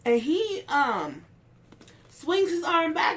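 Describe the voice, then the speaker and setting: This woman speaks in a slightly high voice and never rushes. She tells a story from her job in casual chat, acting out the quotes of the people involved. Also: expressive, a bit bright. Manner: unhurried, acts out the quotes of others with raised voices. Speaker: guest telling a work story.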